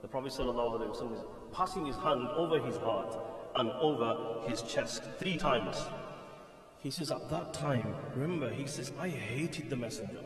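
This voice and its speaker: A man's voice: medium pitch, normal speed, faint music behind. A man, a mufti giving a storytelling lecture in a mosque, who chants the call to prayer melodically. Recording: echoey hall, voice from far off.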